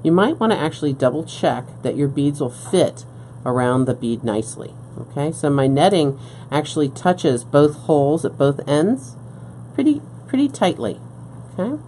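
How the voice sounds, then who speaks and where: Very low, mellow-voiced woman teaching beading. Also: expressive, normal speed, hardly any pauses, a little hiss or hum. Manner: patient, step-by-step explaining, often checking in with "okay?". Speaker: beading instructor. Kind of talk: live-stream craft demonstration. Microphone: live-stream setup at a work table.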